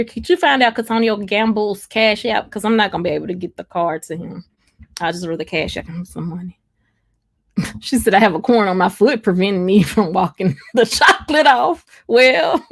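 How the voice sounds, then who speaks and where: A woman's voice: medium pitch, creaky. A young Southern woman hosting a casual livestream, chatting and reading out viewer comments with frequent laughs. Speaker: livestream host.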